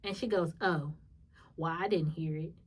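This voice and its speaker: A young woman, hosting a podcast and telling a personal story in a lively, animated way. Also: low voice, normal speed, husky, far from the mic. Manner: lively, animated retelling with acted-out quotes and laughs. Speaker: podcast host. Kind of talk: casual storytelling monologue.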